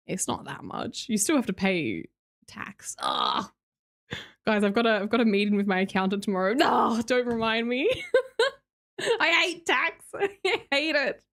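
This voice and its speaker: An Australian woman streamer in casual live-stream chat, reading viewer messages aloud, chatty and laughing often. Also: fairly high pitch.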